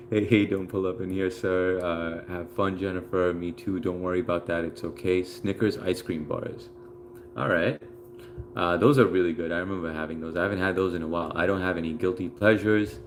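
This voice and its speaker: A man's voice: low voice, fairly even intonation, normal speed, slight background noise. A man hosting a casual live stream from home, reading out viewer comments in a laid-back, chatty way with plenty of fillers.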